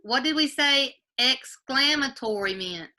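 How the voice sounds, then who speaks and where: Woman, teacher, online class from home, video call, patient quizzing, very bright tone. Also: high-pitched, lively intonation, unhurried. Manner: patient, quizzes pupils by name, repeats questions. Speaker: fourth-grade teacher.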